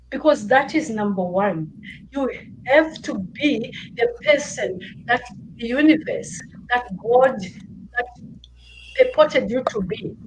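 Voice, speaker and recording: A woman's voice: a little high, a little hiss or hum, poor audio. A woman guest speaker on a video call, giving earnest, emphatic motivational parting words and repeating points for stress.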